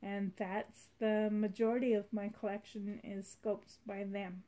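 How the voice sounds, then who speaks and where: A woman vlogs about her doll collection in casual, rambling chat that's heartfelt and soft-spoken. Her voice is mid-range and unhurried, with a flat delivery.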